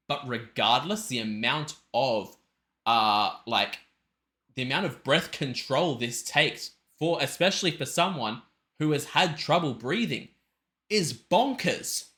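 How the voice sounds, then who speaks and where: Aussie guy rambling excitedly in a reaction vid, bright forceful voice. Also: mid-range voice. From Australia. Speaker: music reaction video host. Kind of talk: casual reaction commentary.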